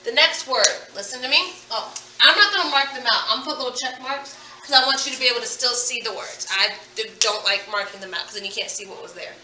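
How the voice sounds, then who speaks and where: Woman teacher going over word endings, super bright high voice, echoey room away from the mic. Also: recorded from a distance, slight background noise. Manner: patient, drills words slowly and asks questions. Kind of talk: phonics lesson.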